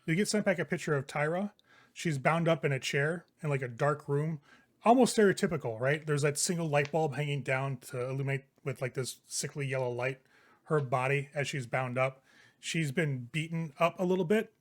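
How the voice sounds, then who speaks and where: A man's voice: a little high, normal speed. A man running a tabletop role-playing game, narrating scenes in a casual, crude way. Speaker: game master.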